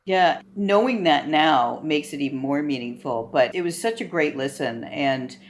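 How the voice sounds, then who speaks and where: A woman's voice: low-pitched, moderate pace, slight background noise. Thoughtful, enthusiastic woman on a podcast. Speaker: guest author. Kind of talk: podcast interview.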